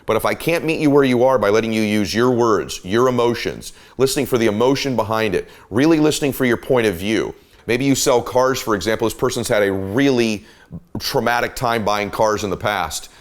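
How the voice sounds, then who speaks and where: Emphatic man giving a motivational talk. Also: mid-range voice. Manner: emphatic, coaching, shifts volume and pace to illustrate. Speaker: podcast host.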